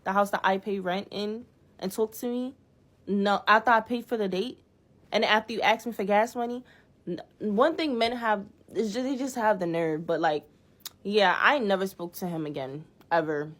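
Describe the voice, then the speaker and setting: A young woman telling a storytime vlog in a casual, animated, exasperated way, swearing freely and acting out both sides of a conversation. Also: medium pitch, normal speed.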